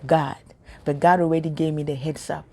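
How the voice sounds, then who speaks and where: A woman's voice: sits low, little pitch movement, normal speed, darkish tone. Impassioned woman preaching to camera. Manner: earnest, impassioned, repetitive. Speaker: spiritual vlogger. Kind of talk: emotional preaching monologue.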